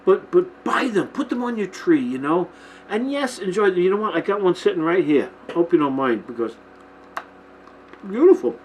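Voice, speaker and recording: A man's voice: high voice, very animated, fairly quick, darkish tone, slight background noise, rough recording. A man hosting a Christian teaching show, talking informally to his camera and checking in with listeners often. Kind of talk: informal Bible-themed talk to camera. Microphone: camera mic, filming himself.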